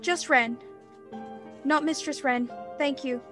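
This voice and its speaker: A woman's voice: sits high, fairly even intonation, takes it slowly, a bit bright, faint music behind. A woman player in a tabletop role-play who talks in a flustered, stammering, pleading way.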